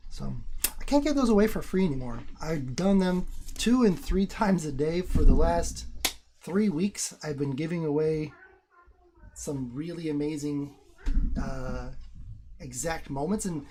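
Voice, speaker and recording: Man, livestream host, casual chat, excitable, profane, thinking aloud, faint background hiss. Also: on the high side, measured pace.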